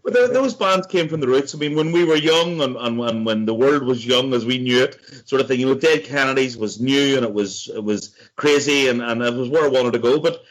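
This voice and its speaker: A man's voice: medium pitch, brisk, few pauses, low-quality recording. A Northern Irish man joining a podcast over a video call, talking passionately and profanely among old friends. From Northern Ireland. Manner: passionate, swears, fillers like sort of thing. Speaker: podcast guest.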